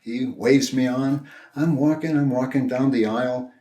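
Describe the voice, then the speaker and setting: An older man gives a sermon, telling a personal story in a gentle, conversational way with restarts. His voice sits at an ordinary pitch for a man. The room around him is roomy and echoey. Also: steady tone, moderate pace. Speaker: minister. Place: church sanctuary. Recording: roomy echo.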